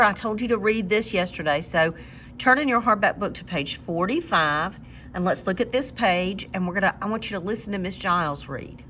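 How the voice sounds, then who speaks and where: A woman teacher giving a recorded reading lesson to young children, sounding out words slowly and clearly. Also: medium pitch, fairly bright tone, a little hiss or hum.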